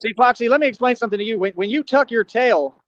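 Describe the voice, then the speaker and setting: Speaking very fast in an extremely high pitch, a male streamer brags and goads his audience in a combative rant. The audio is dull and lo-fi, with a noisy background.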